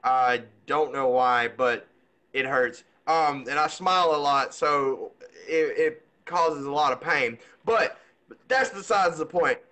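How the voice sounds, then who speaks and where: A young man hosting a live online interview show, excited and stumbling over his words, with a toothache. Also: fairly high pitch, slow. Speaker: host.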